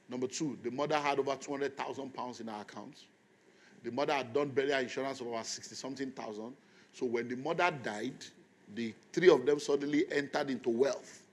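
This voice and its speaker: Man, nigerian accent, middle-aged preacher, sermon storytelling, mid-pitched voice. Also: fairly bright tone, a little hiss or hum. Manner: storytelling, tells the audience to repeat lines to their neighbours.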